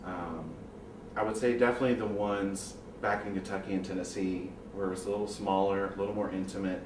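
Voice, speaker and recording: A man's voice: low-pitched, steady tone, brisk, darkish tone, far from the mic, a little hiss or hum. A man thoughtfully recalling revival meetings from his childhood in an interview. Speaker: choir member. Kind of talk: reflective interview talk. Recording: roomy, off-mic with faint ambience.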